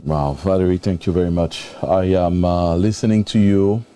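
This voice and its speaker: A man's voice: low voice, steady tone, moderate pace, mellow. A man hosting a live interview show, openly moved and thanking his guest at length. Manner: emotional, effusive thanks. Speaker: host.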